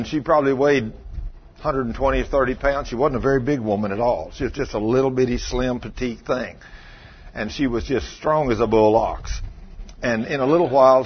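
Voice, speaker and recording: A middle-aged man, a pastor telling a story in a sermon and acting out the scene with shouted commands. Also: medium pitch, breathy edge, lo-fi sound.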